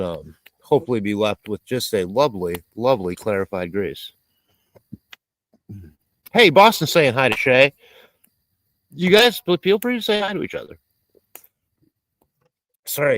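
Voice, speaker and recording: A man's voice: mid-range voice, a bit bright, rough recording. Rambling, swearing man streaming live outdoors. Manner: rambling, swearing, reading chat aloud. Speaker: livestream host. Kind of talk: casual live-stream chat while cooking outdoors. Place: outdoors in a rural area.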